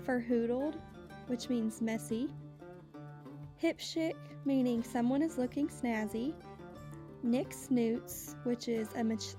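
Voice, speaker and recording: A woman narrating a scripted class presentation, reading steadily and slowing down for example words. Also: fairly high pitch. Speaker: student presenter.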